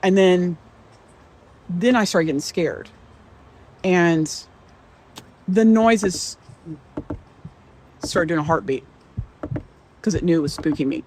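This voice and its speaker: A woman's voice: fairly low pitch, a little mellow, slight background noise. A woman telling a first-hand scary story as a podcast guest, rambling, restarting and swearing as she quotes herself.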